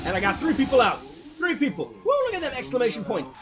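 High, lively man in gameplay banter. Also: fast, over music. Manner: goofy, loud outbursts, swearing, put-on deep voice. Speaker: gameplay co-host. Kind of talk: let's play commentary.

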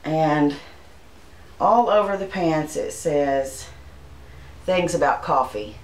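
A woman's voice: deep voice, slow, pauses often, echoey room, low-quality recording. A woman, from Arkansas, chatting casually and homily as she shows her shopping haul to the camera. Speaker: channel host.

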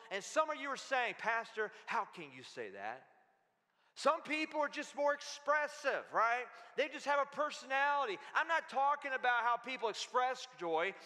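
A male pastor preaching a sermon in an animated, humorous way, leading the congregation in call-and-response. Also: high voice, in a large hall. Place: church sanctuary.

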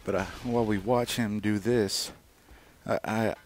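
A man's voice: on the low side, fairly even intonation, unhurried, slight background noise. A man casually commenting over gameplay footage, rambling and swearing freely, with lots of fillers and restarts. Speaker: gaming channel host.

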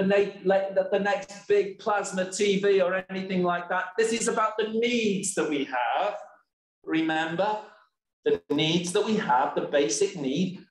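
A man preaching a sermon in a church, slow and emphatic, often asking rhetorical questions. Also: high-pitched. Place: church hall. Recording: echoey church hall.

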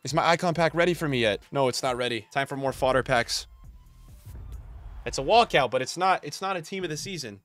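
A man's voice: mid-range voice, brisk, a bit bright, dry recording, soft background music. A young man streaming a pack opening, hyped and chatty, talking straight to his chat. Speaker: gaming streamer.

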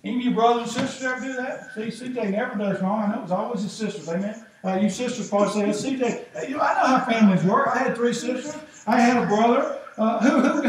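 A middle-aged man, preaching a sermon as pastor in a folksy, animated way, acting out the voices he quotes. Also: very high voice, brisk. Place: church sanctuary. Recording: echoey church from far off, faint noise.

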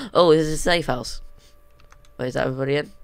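A man narrating a let's play, excitable and panicky, with self-mocking jokes, on a desk condenser mic at home. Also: mid-range voice, fast talker, creaky, smooth, no echo. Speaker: gaming video host.

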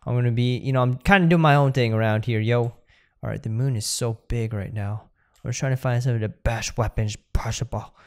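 A young man hosting a casual let's-play, talking straight to his viewers with excitable energy. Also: mid-range voice, a little fast, clear, resonant tone. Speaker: gaming video host.

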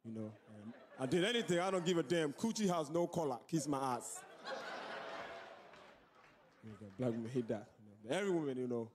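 A man performing a loud, profane stand-up comedy set on a club stage. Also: medium pitch, animated, fairly quick, long pauses, a little hiss or hum. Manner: loud, profane, shouting punchlines.

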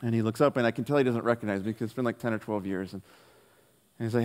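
A man preaching a sermon, telling a personal story in an earnest way and dropping his voice softly on the key lines. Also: medium pitch, fast talker. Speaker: pastor. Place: church hall. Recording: long hall reverb.

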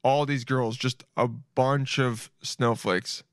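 A man's voice: medium pitch, steady tone, takes it slowly, dry recording, studio quality. A young man hosting a podcast, riffing casually and animatedly, laughing often and slipping in slang like "dude". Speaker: podcast host. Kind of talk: casual solo podcast riff.

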